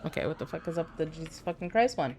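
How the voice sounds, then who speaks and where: A young woman from Canada chatting casually on a live stream while gaming, talking to her chat with an animated, swearing manner. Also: low voice, rapid-fire. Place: home room.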